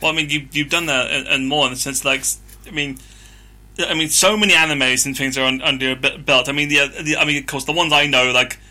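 Enthusiastic male interview host, slightly higher voice, very bright, trips over words. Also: steady tone, fast. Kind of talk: casual interview talk.

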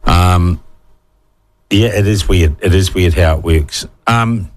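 A man's voice: low voice, takes it slowly. A male talkback radio host with a New Zealand accent, talking in a blunt, irreverent way. He chats through the issues of the day and reads out listener texts in an easy, opinionated tone.

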